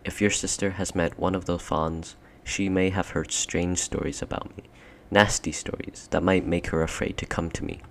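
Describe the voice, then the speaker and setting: A man reading an audiobook takes on a regal, tall, cold queen whose manner is coaxing, sweet-talking, persuasive and commanding. He keeps a low-pitched, level tone at normal speed with few pauses.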